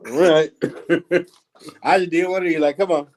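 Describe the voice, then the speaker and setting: A man's voice: fairly high pitch, a little slow. A man, telling childhood stories as host in casual chat and acting out the voices of the people in them. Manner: animated, laughing, acts out quoted voices.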